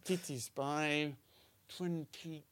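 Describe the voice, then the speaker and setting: A man's voice: fairly high pitch, extremely slow, no room sound. A man co-hosting a comedy trivia podcast, telling jokes with lots of giggling in casual chat. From South Africa. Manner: giggly, animated joke-telling. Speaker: podcast co-host.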